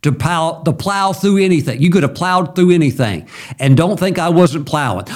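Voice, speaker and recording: A man's voice: on the high side, animated, normal speed, darkish tone. A middle-aged male pastor preaching a sermon in a conversational, storytelling way, with sudden emphatic jumps.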